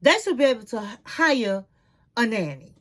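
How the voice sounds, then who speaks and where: A woman's voice: fairly high pitch, very animated, normal speed, fairly bright tone, poor audio. A middle-aged woman giving chatty, candid commentary as she recaps a reality TV episode, often calling the listener "honey.".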